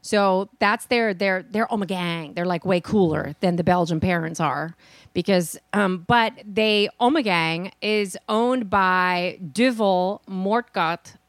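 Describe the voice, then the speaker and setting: A middle-aged woman co-hosting a casual sports podcast, chatty and quick, often trailing off mid-sentence. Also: mid-range voice, no room sound. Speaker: podcast co-host.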